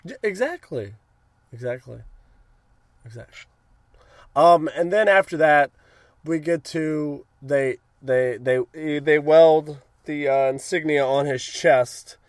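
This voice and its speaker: A young man in casual chat, excitedly retelling cartoon scenes and acting out lines in goofy voices. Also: a little high, takes it slowly, dry recording, clean studio sound. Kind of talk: casual episode recap chat.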